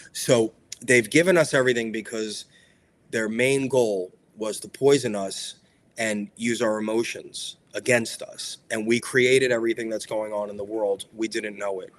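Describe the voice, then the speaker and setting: A man hosting a motivational spiritual talk, emphatic and repetitive in a preacherly way. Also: on the low side. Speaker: spiritual speaker and show host.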